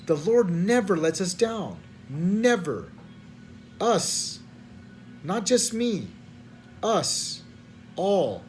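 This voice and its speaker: A man's voice: high-pitched, big pitch swings, very slow, long pauses, soft background music. A man, a preacher venting late at night in rambling, slangy talk full of stammered restarts and frustration. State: tired at night.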